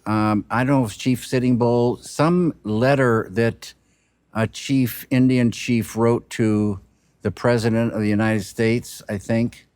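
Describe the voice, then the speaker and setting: Slow, halting man reflecting on directing. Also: medium pitch, steady tone, a little mellow, dry recording, clean studio sound. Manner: halting, unhurried, trailing off and restarting. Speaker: film director. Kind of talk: reflective interview talk.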